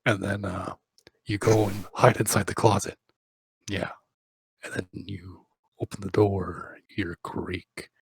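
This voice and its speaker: A man's voice: deep voice, little pitch movement, measured pace, gravelly, slightly rough. A man telling a rambling, crude, improvised comic story, often breaking into laughter.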